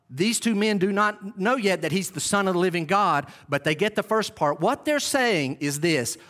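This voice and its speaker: Lively, high-voiced preacher man. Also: normal speed, hardly any pauses. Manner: animated, dramatic storytelling preaching. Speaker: pastor. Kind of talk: sermon.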